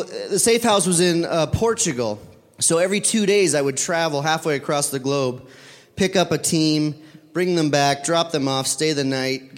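Rambling male storyteller in a hall. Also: on the high side. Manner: rambling, with fillers and self-corrections. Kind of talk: personal story told to an audience. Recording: long reverb of a hall.

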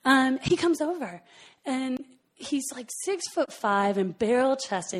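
A woman telling a personal story in an animated way, often laughing between phrases. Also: sits high, slow. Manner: animated, laughs often, lots of fillers and asides.

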